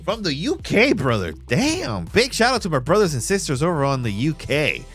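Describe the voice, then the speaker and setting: A man hosting a live trading stream, walking through charts and shouting out viewers in a casual, slangy, emphatic way. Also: wildly swooping pitch, normal speed, breathy edge, faint music behind. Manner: emphatic, hype-driven pitch to viewers. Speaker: livestream trading host. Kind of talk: live chart walkthrough and chat shout-outs.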